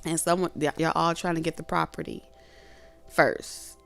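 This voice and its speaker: A woman's voice: low voice, fast, creaky, clean tone, faint music behind. A woman giving a casual tarot reading, chatty and colloquial, laughing often and acting out what people might say. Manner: animated, laughs often, acts out quoted voices. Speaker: tarot reader.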